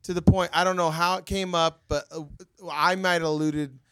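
A man hosting a podcast, telling a story in casual chat, animated and acting out the voices in it. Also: a little high, moderate pace, clean tone, dry recording, studio quality. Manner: animated, acts out quoted voices, laughs often. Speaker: podcast host.

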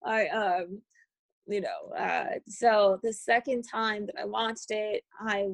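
A woman's voice: mid-range voice, fairly even intonation, slow pace, gravelly, no room sound. A woman hosting a casual podcast about horror movies, rambling with lots of fillers and casual swearing. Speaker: podcast host.

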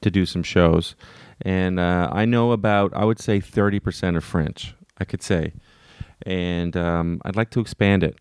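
Joking man with a smooth voice. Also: steady tone, unhurried, a little mellow, dry recording, studio quality. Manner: joking, restarts often, jumpy pitch. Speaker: podcast co-host. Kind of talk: casual podcast chat.

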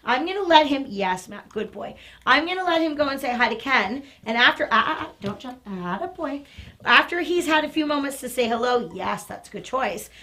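A woman's voice: high voice, expressive, moderate pace, pushed and bright. A woman dog trainer explaining each step of a hands-on training demonstration, breaking off to praise and cue her dog. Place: outdoors near a train station.

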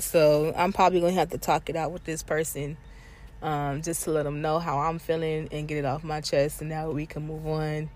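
A woman's voice: low voice, flat delivery, moderate pace, a little mellow. A woman in her thirties talking candidly and emotionally on her own podcast, recorded on her lunch break near an airport. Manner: candid and emotional, with frequent fillers and laughs. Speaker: podcast host. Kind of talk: casual personal podcast monologue.

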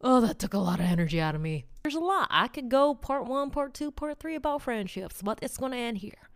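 Speaking briskly in a slightly high voice, a woman delivers a casual motivational talk to camera for her weekly vlog. She addresses viewers directly, chatty and animated, rambling along while laughing and teasing.

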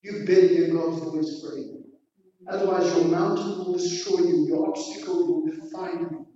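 Male pastor, high voice, emphatic sermon delivery, distant dull recording. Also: steady tone, moderate pace. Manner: preaching with rising, emphatic exhortation and quiet dramatic drops. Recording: distant, echoey hall, dull sound.

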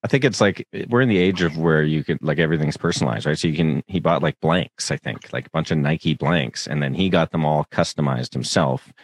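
A man with a very deep voice chats casually on a podcast, telling stories with lots of laughter. His voice jumps up when he acts exasperated, and the sound is dry and close. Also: brisk, few pauses, breathy edge, dry recording. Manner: animated, laughing, leaps up in pitch when exasperated. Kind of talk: casual chat.

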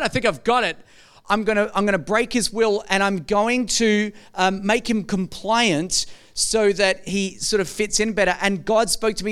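A middle-aged man delivers a sermon with a high, notably clear and smooth voice. He tells stories in a lively, conversational way, speaking straight to his listeners. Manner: storytelling, shifts to a soft hushed voice when recounting a tender moment. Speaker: pastor.

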